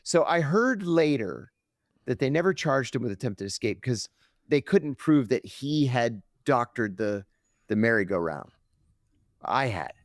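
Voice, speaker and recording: A man with a mid-pitched voice tells a story as a podcast guest, swinging his pitch widely for effect. He talks in an animated, dramatic way and briefly acts out the people he quotes. The sound is close and dry. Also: measured pace, dry recording.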